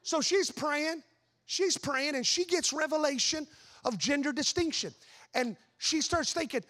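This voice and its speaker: Male pastor, very high pitch, animated sermon storytelling with rhetorical questions. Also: measured pace. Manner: animated storytelling with voiced asides.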